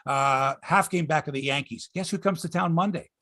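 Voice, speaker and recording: A middle-aged man hosting a sports podcast in casual chat, excitable and jumping between topics. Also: a little high, moderate pace, dry recording, clean studio sound. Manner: excitable, jumps between topics, chuckles and trails off.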